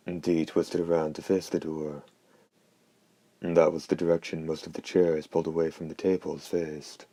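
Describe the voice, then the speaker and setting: A man reading an audiobook in steady, unhurried scripted narration. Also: a bass voice, dry recording.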